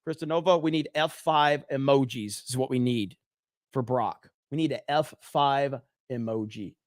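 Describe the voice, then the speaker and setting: A man's voice: mid-range voice, moderate pace, no echo, studio quality. A man from Alabama with a Southern accent, hosting a livestream in casual, profane, rambling chat while reading super chats. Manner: profane, rambling, self-mocking. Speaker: livestream host.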